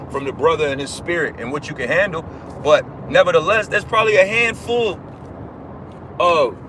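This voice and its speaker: A man's voice: a little high, noisy background. A man giving an informal livestream sermon, emphatic and repetitive, swearing casually as he preaches.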